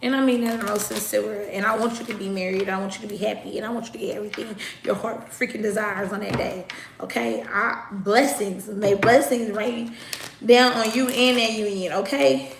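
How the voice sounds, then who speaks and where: A woman's voice: mid-range voice, fairly even intonation, fairly quick, creaky, roomy sound, noisy background. A woman doing a casual tarot reading, talking bluntly and chattily straight to her viewers, sometimes swearing. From United States. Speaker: tarot reader.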